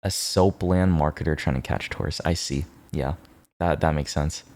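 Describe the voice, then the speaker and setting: A man's voice: very deep voice, normal speed, a little mellow, no echo. A male streamer casually telling a story, rambling with lots of "like" and tag questions.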